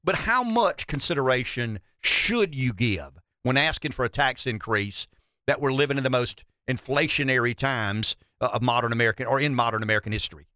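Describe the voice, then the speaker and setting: A man's voice: mid-range voice, expressive, fairly quick, sharp tone, no room sound, clean studio sound. A middle-aged man hosting a talk radio show, joking and folksy, often repeating words as he gathers his thoughts. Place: radio studio.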